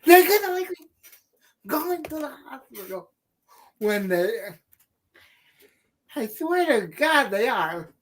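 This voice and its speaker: Woman, casual stream chat, blunt, sweary, slow-paced. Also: sits high, big pitch swings. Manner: blunt and sweary, laughs often. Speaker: live stream co-host.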